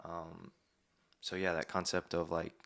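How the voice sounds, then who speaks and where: Man, guest, deep flat voice, thoughtful, hesitant. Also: gravelly. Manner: thoughtful, hesitant, pauses to find words. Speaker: guest, men's group facilitator. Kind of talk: reflective conversation.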